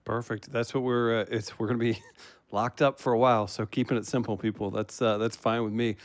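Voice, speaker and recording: A man hosting a casual drinks livestream, upbeat and quick with a laugh. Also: medium pitch, level tone, no echo. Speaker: host.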